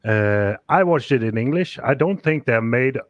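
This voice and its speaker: A man's voice: medium pitch, expressive, moderate pace, no room sound, muffled recording. A man from Sweden talks casually on a fan livestream with a mid-range voice. The sound is dry and close, and he rambles loosely and hesitantly. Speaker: co-host.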